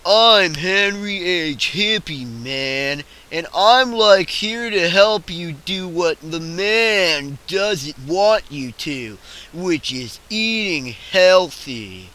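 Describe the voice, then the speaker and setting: A man's voice: sits high, expressive, very slow, sharp tone, heavily acted. A man voicing a laid-back male hippie who drawls lazily. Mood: mellow. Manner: drawling, lazy.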